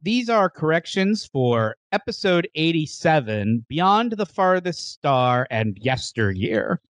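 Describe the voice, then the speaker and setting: A man's voice: fairly high pitch, sing-song, takes it slowly. A man hosting a casual podcast, teasing his co-hosts with dry jokes and mock critiques. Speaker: podcast host.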